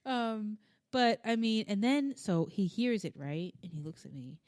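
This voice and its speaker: A woman in her thirties co-hosting a podcast, telling stories in an animated, casual way, swearing freely and acting out the voices of people in her stories. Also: medium pitch, measured pace, no echo, studio quality. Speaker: podcast co-host. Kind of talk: casual chat.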